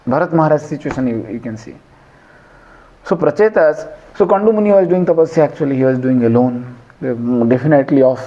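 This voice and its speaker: Teaching scripture in a devotional, conversational style, a male lecturer quizzes his listeners and chants verses in Sanskrit. His voice is mid-range and mellow, though the audio sounds dull.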